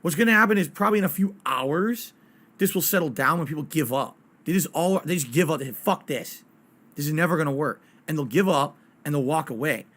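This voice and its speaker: Guy streamer ranting at chat, kinda high voice, swears a lot. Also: animated, fast talker, a bit bright. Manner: blunt, ranting, swears freely. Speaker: game streamer. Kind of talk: casual live-stream chat.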